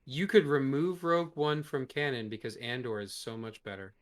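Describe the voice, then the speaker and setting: A man's voice: mid-range voice, steady tone, moderate pace. Man, podcast co-host, casual chat, blunt, swears a lot, emphatic.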